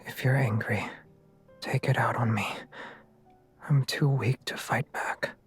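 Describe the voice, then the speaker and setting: A man's voice: mid-range voice, steady tone, takes it slowly, soft background music. A man voicing a feverish, clingy young man in a game, in whispered role-play. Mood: pleading. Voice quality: breathy whisper.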